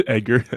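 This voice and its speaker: A young man from Southern California, his medium-pitched voice creaky with a breathy edge, is recorded in studio quality without echo. He hosts a crypto livestream, chatting casually and crudely, joking and laughing as he reads viewer comments.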